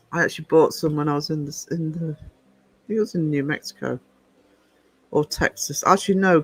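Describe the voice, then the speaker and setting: British male channel host, casual and digressive, voice sits a little high. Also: no room sound, rough recording. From United Kingdom. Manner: chatty, rambling, digressive. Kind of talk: casual livestream chat.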